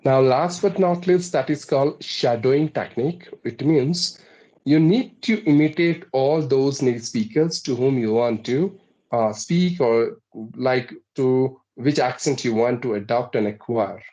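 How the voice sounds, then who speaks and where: A man's voice: medium pitch, a little slow, warm tone, poor audio. A man earnestly explaining, point by point, how he learned to speak, as an interview guest. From India. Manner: earnest, explanatory, numbered tips. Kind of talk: interview answer.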